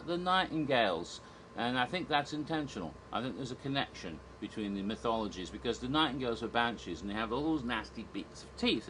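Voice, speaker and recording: A man's voice: medium pitch, a bit bright, slight background noise, low-quality recording. A man giving a casual spoken review, chatty and rambling, with restarts and little chuckles. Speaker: theme park reviewer.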